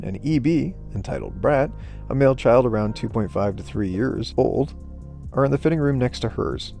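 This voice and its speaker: Chuckly guy reading reddit stories, gravelly low-toned voice. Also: dark tone. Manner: amused, chuckling, casual. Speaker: YouTube storyteller.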